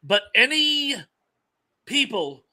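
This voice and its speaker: A man with a high, very bright voice hosts a loose podcast chat. He jokes a lot and slips into quick acted-out quotes. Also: big pitch swings. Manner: playful, jokey, acts out quotes. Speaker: podcast host. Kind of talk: casual chat.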